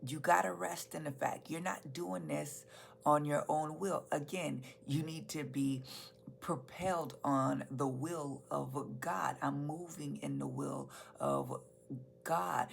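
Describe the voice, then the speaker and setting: Woman, pastor, emphatic sermon, deep, heavy vocal fry. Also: steady tone, slow, slight background noise. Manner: earnest, emphatic preaching with repeated phrases.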